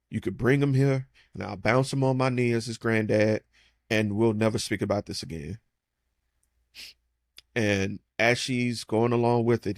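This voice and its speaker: A man's voice: on the low side, gravelly, a little mellow, dry recording, clean studio sound. A man casually retelling a film's plot and acting out the characters' lines. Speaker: movie recap host. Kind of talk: casual film breakdown.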